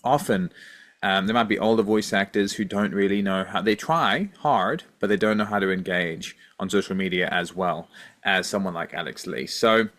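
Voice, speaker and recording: A man hosting a podcast in casual chat, easygoing and filling pauses with ums. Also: low-pitched, a bit bright. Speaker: podcast host.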